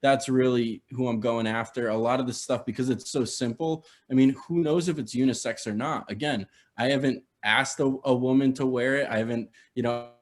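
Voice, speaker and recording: A male guest answering interview questions in an easy, mid-pitched voice. He speaks thoughtfully and restarts phrases by repeating words. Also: fairly even intonation, brisk, hardly any pauses. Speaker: guest, clothing designer. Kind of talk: casual interview.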